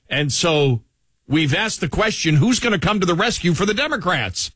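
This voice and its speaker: A man's voice: sits high, animated, moderate pace, fairly bright tone, slightly rough, no room sound. A man with a Buffalo accent hosting a radio talk show in casual, conversational chat, with lots of "you know".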